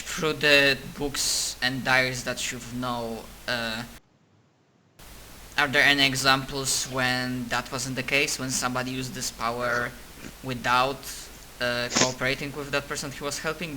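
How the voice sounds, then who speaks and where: A man's voice: mid-range voice, flat delivery, measured pace, bright, forceful tone, a little hiss or hum, poor audio. A man playing a tabletop role-play over voice chat, hesitant and searching for words.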